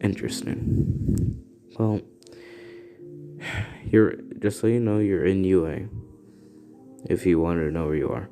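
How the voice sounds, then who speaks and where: A man voicing an old female school nurse, calm and matter-of-fact, close to his own deep voice. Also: slow, long pauses.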